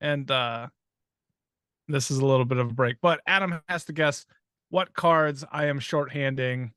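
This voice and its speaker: A man co-hosting a casual gaming podcast, with a dry, offhand, halting delivery. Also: medium pitch, a bit bright, clean tone, dry recording. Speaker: podcast co-host. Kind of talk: casual chat.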